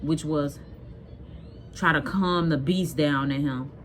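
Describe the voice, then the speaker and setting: Mother on camera, low-pitched, scolding and emphatic, talks straight to viewers. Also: slow, a little hiss or hum. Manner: animated, emphatic, addresses viewers directly; blunt and scolding. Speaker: vlogger telling a personal story. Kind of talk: casual storytelling to viewers.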